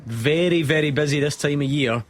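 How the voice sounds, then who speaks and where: A man's voice: fairly high pitch, normal speed. A Scottish man hosting a football radio show, teasing his guest. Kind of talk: sports radio banter.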